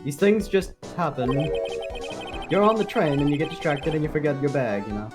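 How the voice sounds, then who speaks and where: A fan voice actor chatting casually while recording a game dub, relaxed and laughing often. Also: medium pitch, normal speed, over music.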